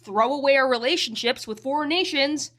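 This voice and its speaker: Bright-voiced scornful woman. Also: high voice, fairly quick. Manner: scornful, mocking. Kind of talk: sarcastic political commentary.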